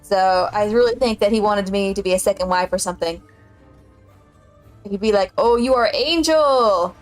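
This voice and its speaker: A woman's voice: medium pitch, steady tone, moderate pace, darkish tone, dry recording, soft background music. A woman, telling a story in casual chat as a streamer and laughing often.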